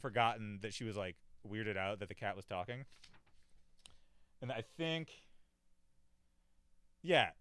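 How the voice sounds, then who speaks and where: A man's voice: medium pitch, fairly bright tone, clear, resonant tone, dry recording, studio quality. A young man rambling casually about a cartoon episode, filling his talk with "like", swearing and mimicking the characters. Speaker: podcast host reviewing a cartoon. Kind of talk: casual chat.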